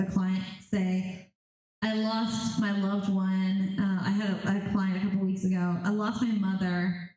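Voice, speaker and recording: A woman tells stories at a convention panel in a mellow, relaxed voice. She talks with energy and slips into quick quoted voices, and the sound rings with heavy room echo. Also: medium pitch. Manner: animated, quotes spirits and clients in quick bursts. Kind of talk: storytelling on a panel. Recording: echoey room, heavy reverb.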